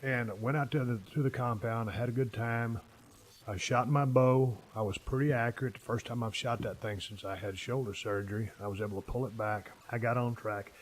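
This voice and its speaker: Podcast host, man in his 50s, profane, rambling, mid-pitched voice. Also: steady tone, a little fast. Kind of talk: casual chat.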